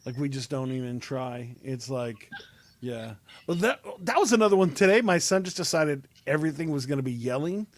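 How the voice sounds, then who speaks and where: A man hosting a podcast over a video call, chatting casually and rambling with many pauses and fillers. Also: medium pitch, very animated, dry recording. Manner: rambling, hesitant, lots of uh and um. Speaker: podcast host. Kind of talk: casual chat.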